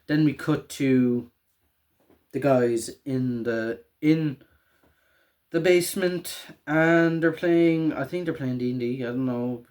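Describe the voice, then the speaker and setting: A young man, casually recapping a show in a rambling, excitable way with a lot of swearing and laughter. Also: mid-range voice, takes it slowly.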